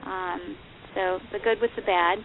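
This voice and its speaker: A woman speaking as a foundation guest on a talk show, halting and repeating words. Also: on the low side, steady tone, creaky. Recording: tinny phone line with hiss.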